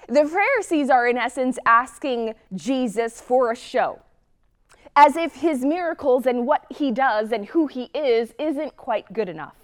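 A woman's voice: high-pitched, lively intonation, measured pace. A woman preacher giving a sermon, earnest and reflective, often asking the listener rhetorical questions.

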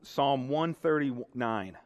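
A man's voice: medium pitch, expressive, takes it slowly. A young man preaching a sermon to a congregation, earnest and emotional. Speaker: pastor. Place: church sanctuary. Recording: reverberant hall.

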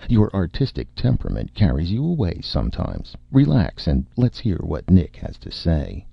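Man voicing a decisive cool studio boss, husky low voice, slightly muffled recording. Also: huge pitch swings, normal speed, no room sound, exaggerated voice. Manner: cold, decisive.

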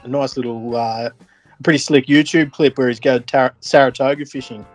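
A man's voice: medium pitch, steady tone, normal speed, dry recording, faint music behind. A man with an Australian accent, co-hosting a podcast in casual banter, wisecracking and swearing. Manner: wisecracking, laughs often, swears. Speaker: podcast co-host.

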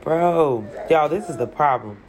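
A woman's voice: sits low, moderate pace, crowd noise. A woman hosting a podcast in a casual, chatty and playful way, often laughing as she talks. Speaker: podcast host. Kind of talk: casual chat.

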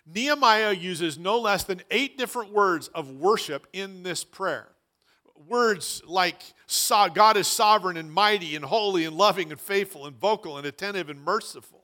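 A man's voice: high-pitched, moderate pace, pushed and bright. A man preaching a sermon as pastor, earnest and emphatic, often repeating phrases for weight.

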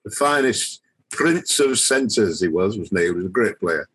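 A man retelling a wry older Yorkshire ex-player's after-dinner lines in a husky voice with a Yorkshire accent. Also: on the low side, expressive, a little slow, fairly bright tone, exaggerated voice, poor audio. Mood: rueful.

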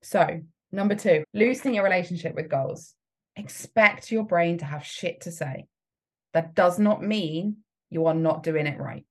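A woman with a slightly low voice delivers a motivational coaching talk. She is emphatic and expressive, laughs often, and slips into the doubting inner voices she describes. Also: unhurried. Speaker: business coach.

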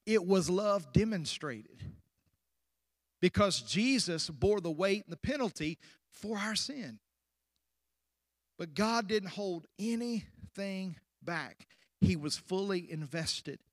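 A man with a high, bright speaking voice delivers a sermon, pressing the congregation with direct questions. He speeds up in bursts and then sinks into slow, hushed endings. The sound is dry and close, with no room echo. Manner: preaching with sudden rushes and drawn-out, hushed endings. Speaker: pastor.

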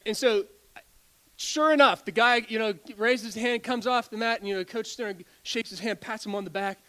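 A pastor in his forties delivers a sermon in a notably high voice for a man. He tells stories with animated energy, trips over his own words, restarts phrases and breaks into laughter. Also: moderate pace. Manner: animated storytelling, stumbles and repeats words, laughs often.

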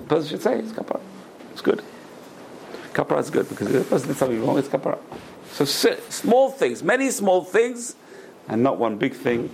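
A middle-aged man teaching a Torah lecture as a rabbi, an animated storyteller who repeats words for emphasis and drops in Hebrew terms. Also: medium pitch, vocal fry, a little hiss or hum. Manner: peppers speech with Hebrew terms.

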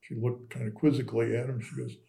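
An older man telling local history stories in a casual, animated way, voicing the people in his anecdotes. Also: medium pitch, quick pace, gravelly. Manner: animated anecdotes, quoting voices. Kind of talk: casual storytelling.

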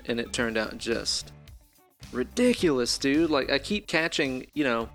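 Gravelly, cursing podcast host. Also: male voice, mid-range voice, sing-song, unhurried, faint music behind. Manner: loud, profane, laughs easily, rambling. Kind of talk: casual chat.

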